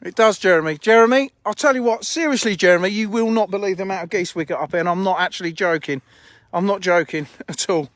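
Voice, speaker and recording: Bloke, fairly high voice, chatty and blunt, dry close phone sound outdoors. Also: male voice, quick pace, hardly any pauses, fairly bright tone, dry recording. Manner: chatty, blunt, swears casually. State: out of breath. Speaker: fishery owner streaming live. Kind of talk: casual live stream chat. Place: outdoors at a fishing lake.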